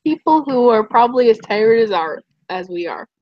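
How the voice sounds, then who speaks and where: A young woman rambles and giggles through a casual stream chat in a somewhat high voice. The sound is dry and a little dull. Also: lively intonation, moderate pace, no room sound. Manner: rambling, giggly, tells stories with acted quotes. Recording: dull, muffled stream audio.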